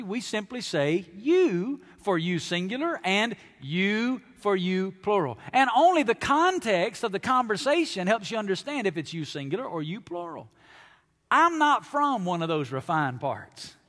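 A man from Alabama with a Southern accent, preaching a sermon as pastor, emphatic and animated with playful asides to the congregation. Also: sits high, normal speed. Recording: long hall reverb.

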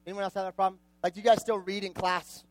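A young preacher with a high voice talks to a room of students in a relaxed, conversational way. He jokes and throws questions out to the audience as he tells the story. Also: fast, dry recording, rough recording. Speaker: youth pastor. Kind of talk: casual sermon to a youth group.

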